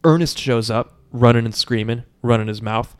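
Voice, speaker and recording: A man co-hosting a casual chat, retelling a film in a profane, animated way. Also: medium pitch, normal speed, clean tone. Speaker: podcast co-host.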